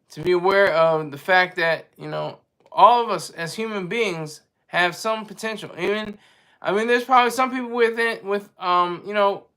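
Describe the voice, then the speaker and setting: A man with a high, bright, sharp-edged voice talks loosely to his live-stream chat. He wanders from point to point with firm opinions and pauses now and then to hunt for a word. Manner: rambling and opinionated, searching for words mid-sentence. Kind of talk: casual monologue.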